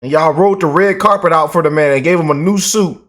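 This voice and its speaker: A man hosting his own channel, ranting in animated, repetitive, emphatic political commentary. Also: fairly high pitch, fast talker.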